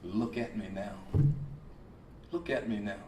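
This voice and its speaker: A man voicing a talking teapot that sounds like an older mother, telling its story slowly and quietly in an echoey hall. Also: lowish voice, slight background noise, voice pushed down, close to an everyday voice. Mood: proud. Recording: echoey hall, speaker far from mic.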